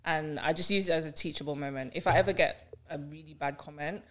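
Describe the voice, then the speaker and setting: British woman, podcast guest, casual and animated, quick to laugh. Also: sits low, slight background noise. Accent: British English. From United Kingdom. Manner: animated, laughs often, explains patiently. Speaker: podcast guest, skincare influencer.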